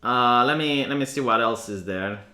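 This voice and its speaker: A man's voice: medium pitch, normal speed, pushed and bright. A man with a Romanian accent giving opinionated, sarcastic livestream commentary, often restarting his sentences. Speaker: streamer.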